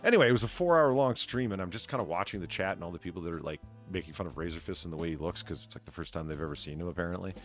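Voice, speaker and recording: A tired man hosting a casual stream chat, rambling with many restarts and swinging between loud and quiet. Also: deep voice, lively intonation, very fast, hardly any pauses, soft background music. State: tired from little sleep. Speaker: podcast host.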